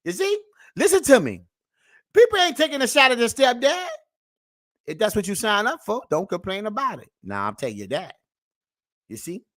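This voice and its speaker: Male reaction host, preachy comic rant, very lively pitch, dry close mic. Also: no echo. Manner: preachy, keeps calling out to the people; drawn-out, animated swings between mutter and shout.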